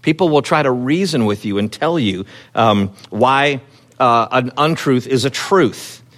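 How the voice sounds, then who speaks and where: The pastor's medium-pitched, slightly bright voice has lively intonation and an unhurried pace. He preaches in a chatty way, posing questions to the congregation, restarting and using fillers frequently, and lifting his energy for scripture quotes.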